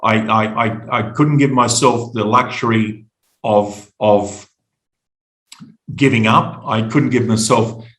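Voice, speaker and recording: A middle-aged Australian man telling his personal story as a podcast guest, halting and reflective, often repeating words. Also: fairly low pitch, steady tone, a bit bright, reverberant, rough recording.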